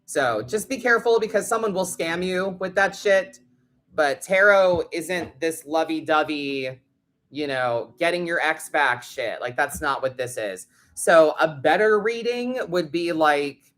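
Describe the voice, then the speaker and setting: A woman's voice: sits low, animated, a little slow, fairly bright tone. A woman hosting a live tarot stream, chatting casually and bluntly with viewers and swearing freely. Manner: blunt and sweary, talks straight to the chat.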